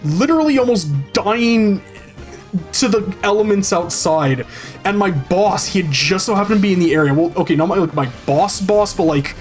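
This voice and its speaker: A man's voice: sits high, moderate pace, faint music behind. A man streaming a video game, telling a long story in a rambling, profane way with many restarts and fillers. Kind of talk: casual storytelling over gameplay.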